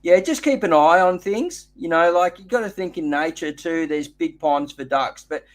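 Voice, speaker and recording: A man's voice: on the high side, moderate pace. An Australian man hosting a live gardening Q&A, chatting casually and rambling into jokey stories. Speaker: host.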